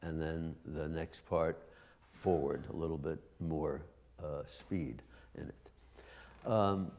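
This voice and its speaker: A man teaching a live master class to a chamber ensemble, pausing often on filler sounds and singing the musical phrases with nonsense syllables. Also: rumbling low, fairly even intonation, a little mellow. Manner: halting, with frequent filler sounds.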